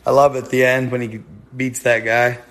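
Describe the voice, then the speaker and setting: A man's voice: medium pitch, level tone, normal speed, a bit bright. A young man rambling casually to his viewers in a live stream, slangy and laughing often.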